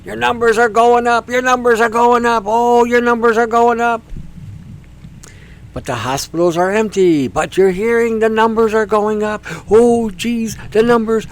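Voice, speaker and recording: A man's voice: high voice, fairly even intonation, normal speed, hardly any pauses, voice pushed up, natural voice. A man voicing a sneering male fearmonger who taunts in a mocking singsong. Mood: mock panic.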